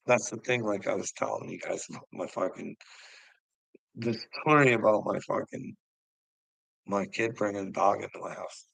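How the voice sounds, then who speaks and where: A man's voice: fairly low pitch, moderate pace, vocal fry, sharp tone, no room sound, poor audio. A middle-aged man ranting heatedly to his livestream chat, swearing a lot and laughing often. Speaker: livestream host talking to chat. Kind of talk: casual livestream rant.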